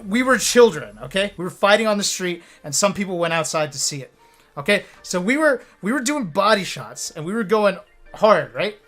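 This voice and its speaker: A man in his thirties, a streamer telling stories to a webcam in an animated, profane way, laughing now and then. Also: high-pitched, moderate pace, faint music behind. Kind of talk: casual storytelling to camera.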